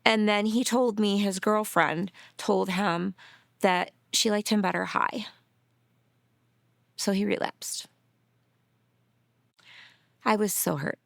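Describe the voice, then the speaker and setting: A middle-aged woman, a grieving mother, telling her story in a documentary interview, earnest and emotional, sometimes dropping to a soft near-whisper. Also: mid-range voice, fairly even intonation, unhurried, vocal fry, dry recording, clean studio sound.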